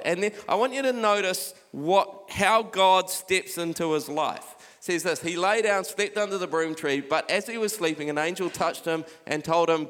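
A man's voice: high-pitched, normal speed, few pauses, fairly bright tone. A man, a pastor giving a conversational sermon with scripture readings, recorded live in a church hall. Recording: live hall with long reverb.

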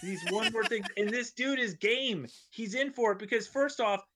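A man, a comedian guest on a studio podcast, telling a rambling story in an animated way and acting out the voices of people in it. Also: high-pitched, moderate pace, noisy background. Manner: animated, acts out voices in his stories, rambling tangents.

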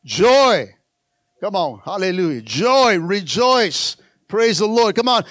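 A man's voice: high-pitched, sing-song, unhurried, a bit bright, dry recording. An older man preaching a sermon to his church, calling out to the congregation and repeating phrases. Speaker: pastor.

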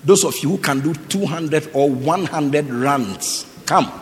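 A man's voice: on the high side, slow pace. Exhorting male preacher in an echoey hall. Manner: exhorting, repeats short commands, quizzes the congregation. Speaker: pastor. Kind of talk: sermon calling for offerings. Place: church. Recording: echoey hall with faint noise.

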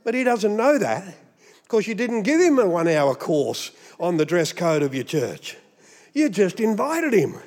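An Australian man preaching a sermon, animated and humorous, mimicking voices as he goes. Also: sits high, measured pace, in a large hall. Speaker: pastor.

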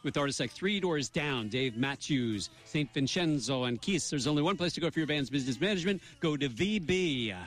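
A man's voice: fairly high pitch, lively intonation, brisk, few pauses. A middle-aged man co-hosting a radio show, joking around in goofy, mock-pompous banter.

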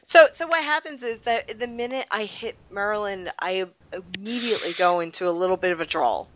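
A woman's voice: medium pitch, a little fast, fairly bright tone, slight background noise. A woman from Rhode Island, chatting casually as a podcast co-host and telling rambling stories.

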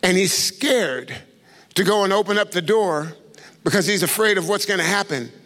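A pastor telling a sermon story in an animated way, often asking his audience if they follow. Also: high-pitched, normal speed. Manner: animated, keeps asking "right?". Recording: echoey hall.

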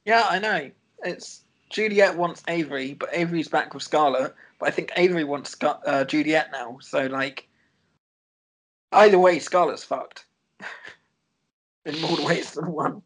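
Man, somewhat high voice, chatty, giggly, rambling episode recap. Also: measured pace, a bit bright, low-quality recording.

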